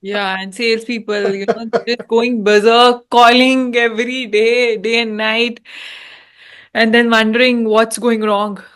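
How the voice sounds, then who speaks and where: A woman's voice: a little high, flat delivery, measured pace, fairly bright tone. A woman hosting an interview, polite and brief in her remarks. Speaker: interview host. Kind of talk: casual interview chat.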